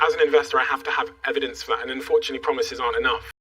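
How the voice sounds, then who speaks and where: Fast-talking, direct male investor. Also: mid-range voice, fairly even intonation, pushed and bright. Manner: direct, rapid, reasoned. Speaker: investor on a panel. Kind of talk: investor's verdict. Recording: distant mic with faint music.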